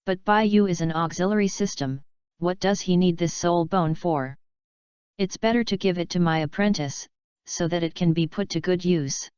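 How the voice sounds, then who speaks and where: A woman's voice: on the low side, moderate pace, a little mellow, smooth, no echo, close to an everyday voice. A woman voicing a scheming older male teacher in a storybook reading, speaking in an explanatory, coaxing way. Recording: dull lo-fi recording.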